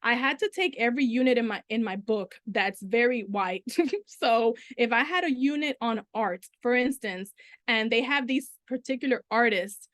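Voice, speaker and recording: A middle-aged woman from the Dominican Republic, a Spanish teacher speaking on a panel and telling her story with lively quoted dialogue. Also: on the high side, normal speed, no room sound, clean studio sound. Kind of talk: panel discussion.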